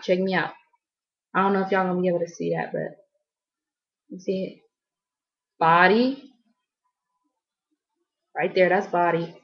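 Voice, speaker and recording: A woman's voice: medium pitch, a bit bright, lo-fi sound. A woman from Columbus, Ohio, telling a story in a casual vlog, rambling and slangy with lots of fillers. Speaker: vlogger.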